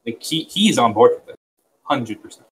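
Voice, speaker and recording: A man playing a tabletop game, excitable and jokey, often laughing. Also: medium pitch, normal speed, slight background noise, low-quality recording. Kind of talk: casual tabletop role-play.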